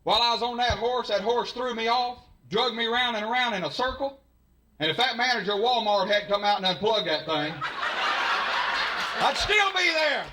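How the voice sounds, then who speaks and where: A stage mic and crowd noise frame this live college show, where a Southern-accented Alabama man gives a playful, drawling, folksy comedy set. His voice is very high and sharp, with lively intonation and a moderate pace.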